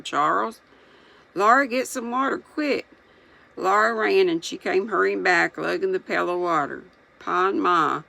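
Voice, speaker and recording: A reader reading a children's novel aloud, unhurried, pausing to muse aloud between passages. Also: medium pitch, creaky, sharp tone, rough recording.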